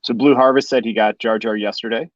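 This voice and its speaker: A man's voice: medium pitch, steady tone, a little fast, dry recording, dull audio. A man hosting a live show in casual chat, enthusiastic and reading out viewer comments. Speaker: host of a live collectors' show.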